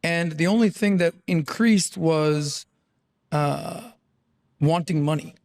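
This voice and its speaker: A man speaks high in his register, blunt and animated, swearing freely between fillers. He sounds like a podcast guest in casual conversation. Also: slow, creaky.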